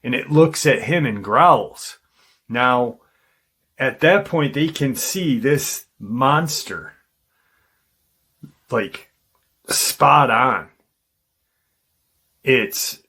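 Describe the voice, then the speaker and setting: A man hosting a paranormal channel, casually retelling a witness's encounter in a halting way, with frequent ums and restarts. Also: mid-range voice, a bit bright, breathy edge.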